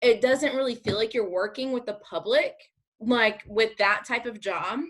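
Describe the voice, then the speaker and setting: A woman's voice: fairly high pitch, moderate pace. A woman co-hosting a casual chat, bubbly and full of "um" and "like". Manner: bubbly, filler-heavy. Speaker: co-host.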